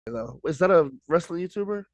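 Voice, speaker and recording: Male co-host, somewhat high-pitched, dry sound, quippy and chuckling, casual banter. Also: animated, fairly quick, no room sound. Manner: quips and chuckles. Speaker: podcast co-host. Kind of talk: casual chat.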